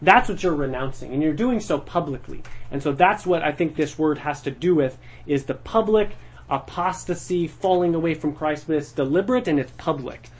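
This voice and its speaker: A man's voice: on the high side, normal speed, breathy edge. A man teaching a church Bible study in a conversational way, explaining the text verse by verse and thinking aloud as he goes.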